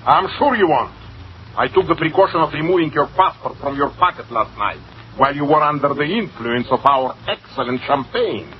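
A man voices a fussy, whining cashier with a sly streak, pitched high and bouncing around a lot. It is 1940s radio acting, heard through a dull recording with faint hiss. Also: expressive, normal speed, close to an everyday voice. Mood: smug. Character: fussy, sly middle-aged male cashier and embezzler. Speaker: cashier and bookkeeper. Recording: muffled old radio broadcast, faint hiss.

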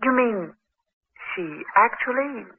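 An eager young seance guest, old radio. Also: female voice, fairly high pitch, takes it slowly, a little hiss or hum. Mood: curious. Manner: eager, wide-eyed questioning. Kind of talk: 1940s radio acting. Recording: tinny old radio broadcast recording.

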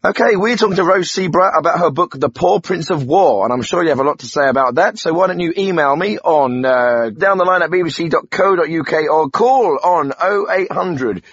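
A man hosting a comic radio phone-in, brisk and interjecting. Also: fairly high pitch, a bit bright, breathy edge, dry recording. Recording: dull dry studio sound.

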